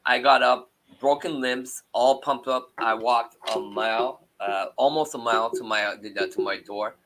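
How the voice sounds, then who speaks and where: Bright-voiced man telling a story haltingly. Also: medium pitch, slight background noise, low-quality recording. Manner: halting, many restarts and fillers. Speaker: paranormal show host. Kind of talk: casual storytelling.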